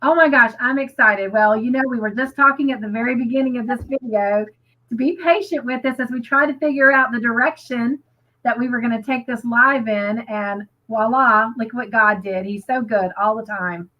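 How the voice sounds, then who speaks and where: Woman, gushing live chat, reads comments, slightly high voice, muffled lo-fi audio. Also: normal speed. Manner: gushing, excitable, reads viewer comments aloud. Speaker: co-host of a crochet livestream.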